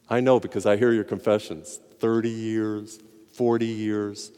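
A man's voice: fairly low pitch, clean tone. Preaching man in a reverberant church. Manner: animated preaching, slows for emphasis. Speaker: priest. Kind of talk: sermon with told jokes. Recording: long hall reverb.

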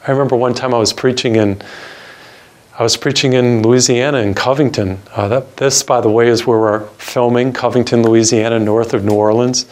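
An older Catholic priest tells a personal story in an earnest sermon, slowing down to stress key words. His voice is mid-range, steady, and somewhat dark.

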